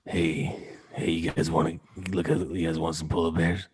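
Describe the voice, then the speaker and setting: Man putting on a creepy leering guy, deep and hushed, for a podcast gag. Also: flat delivery, normal speed, husky.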